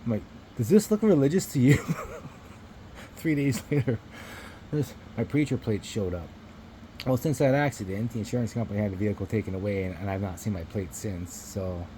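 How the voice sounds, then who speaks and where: A man's voice: lowish voice, brisk, background noise. A man vlogging to his phone camera, telling a rambling story in a casual, profane way and chuckling between remarks.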